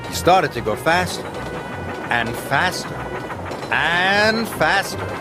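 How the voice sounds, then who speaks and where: A man reading a children's railway story aloud as narrator. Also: high-pitched. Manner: slow, expressive storytelling. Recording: music underneath.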